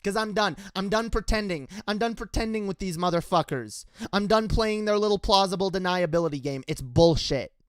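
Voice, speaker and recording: A man's voice: high voice, brisk, few pauses, clean tone, no echo. A man giving a heated, profane political rant, full of stammered restarts. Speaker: political commentator. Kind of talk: casual ranting commentary.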